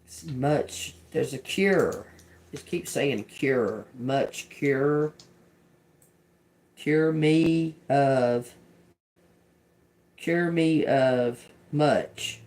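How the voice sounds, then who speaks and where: A woman doing an intuitive tarot reading. She repeats channeled words slowly and quietly, then turns chatty when she explains them to viewers. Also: very deep voice. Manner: slow, murmured repetition of channeled words. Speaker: tarot reader.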